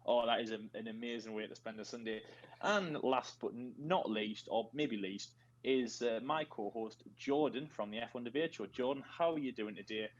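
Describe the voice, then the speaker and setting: A man's voice: mid-range voice, moderate pace, dull audio. A man with a Northeast English accent hosting a casual group video call, joking and rambling through introductions. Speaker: host.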